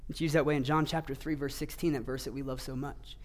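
A male pastor preaching a sermon, earnest, rising to emphatic passages and dropping to hushed low ones. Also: level tone, quick pace, few pauses.

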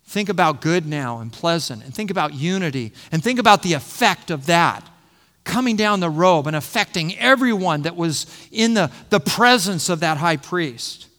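A man's voice: fairly high pitch, expressive, moderate pace, pushed and bright, in a large hall. A middle-aged man preaching an expository sermon, teaching and repeating phrases for emphasis. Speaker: pastor.

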